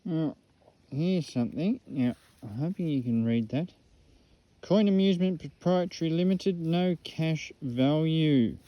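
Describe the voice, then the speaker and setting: An Australian man excitedly showing off metal detecting finds at an old rubbish dump, in a casual outdoor vlog full of slang. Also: fairly high pitch, a little slow, dry recording, highs cut off.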